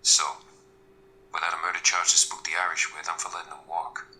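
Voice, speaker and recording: A man's voice: deep voice, flat delivery, fairly quick, bright, forceful tone, low-quality recording. A man playing a wry district attorney. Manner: wry, pragmatic.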